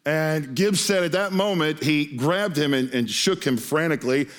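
A man's voice: fairly high pitch, moderate pace. A male preacher telling a story in a sermon, earnest and often repeating words as he starts a phrase.

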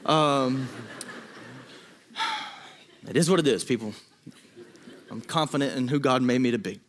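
A man's voice: mid-range voice, animated, unhurried, a bit bright, slight background noise. Earnest emotional male pastor preaching. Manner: earnest, emotional and pleading, with frequent restarts. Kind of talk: sermon.

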